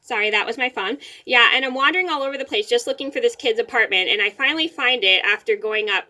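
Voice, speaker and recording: A woman's voice: a little high, fast talker, bright, forceful tone. A young woman telling a story to the camera in a rambling, casual way, repeating words and apologizing, a little teary-eyed. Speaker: vlogger.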